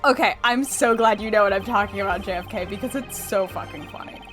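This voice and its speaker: A woman's voice: mid-range voice, fast talker, fairly bright tone. A woman streaming a game, chatting casually in a self-deprecating way, swearing freely and laughing at herself. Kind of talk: casual gameplay commentary. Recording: game music playing behind.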